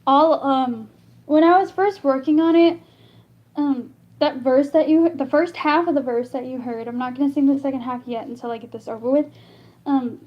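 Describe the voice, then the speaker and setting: A woman teaching singing improvisation in a casual live stream, halting and full of fillers as she explains. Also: high voice, highs cut off. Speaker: singer teaching vocal improvisation.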